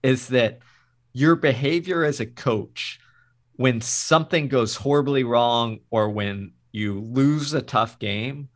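A man's voice: medium pitch, slow. A middle-aged man who has coached, talking earnestly and emphatically in a casual podcast chat. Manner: earnest, emphatic, mixes in acted quotes.

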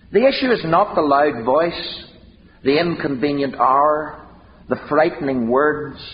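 Male preacher, high and lively voice, impassioned sermon delivery, dull recording in a reverberant hall. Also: a little hiss or hum. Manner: impassioned, rhetorical questions, dramatic emphasis.

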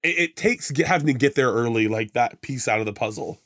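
A man's voice: mid-range voice, animated, brisk, fairly bright tone, no room sound, clean studio sound. A man co-hosting a podcast in casual chat, telling stories with lots of fillers. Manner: chatty storytelling with many fillers. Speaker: podcast co-host.

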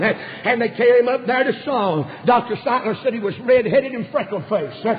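A male preacher with a very high voice delivers a fervent, storytelling sermon at a moderate pace, filling it with "uh"s. The recording is dull, with long reverb from the hall.

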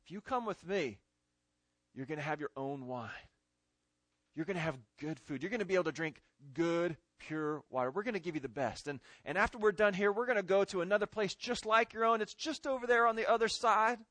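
A preacher acting out a taunting enemy envoy. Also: male voice, high voice, brisk, fairly bright tone, no echo.

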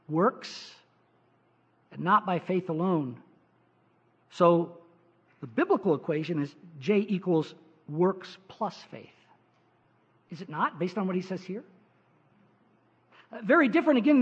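High-voiced emphatic male preacher. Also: fairly bright tone, husky. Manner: emphatic preaching with frequent "uh" fillers, rising pitch for stress. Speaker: pastor. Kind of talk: sermon. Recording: dull lo-fi sermon recording.

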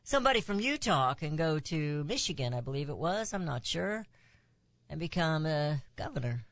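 A woman's voice: big pitch swings, moderate pace, dry recording. A woman hosting a political talk radio show, delivering an emphatic monologue whose voice climbs on the points she stresses. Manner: emphatic, rising pitch on key points, with asides.

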